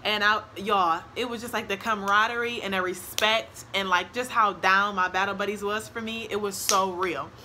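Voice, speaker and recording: A young woman tells a casual storytime, animated, acting out quotes and laughing often. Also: mid-range voice, moderate pace, few pauses, a little hiss or hum. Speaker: vlogger.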